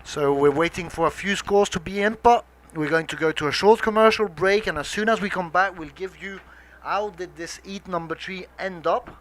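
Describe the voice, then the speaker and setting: A man doing live surf commentary, steady and explanatory, leading to a break. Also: high voice, normal speed.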